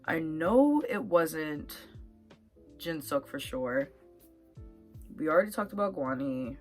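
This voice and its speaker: A young woman chatting casually to camera about a reality dating show, getting animated and worked up as she talks. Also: sits low, slow pace, soft background music. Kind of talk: casual chat.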